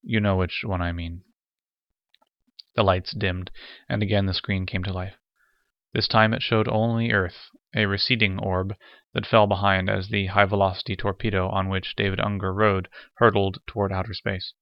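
A man reading a story aloud in a steady, somber narration. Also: on the low side, normal speed, no echo, lo-fi sound. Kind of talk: scripted narration.

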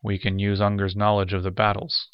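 Dude voicing a plump pushy commander, impatient and demanding, slightly muffled dry read. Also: male voice, on the low side, monotone, a little fast, smooth, no echo, close to an everyday voice. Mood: slow calculating.

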